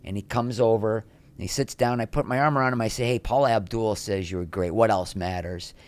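Brisk, with a lowish voice and fairly even intonation, a male interview guest rambles through candid backstage stories. He restarts often and jumps into raised voices to imitate the people he's quoting.

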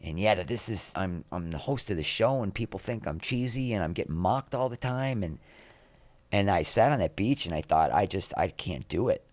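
Here a middle-aged man speaks low and at a moderate pace, with no echo. As an interview guest he rambles candidly, pokes fun at himself, and performs the voices of those he quotes with animation.

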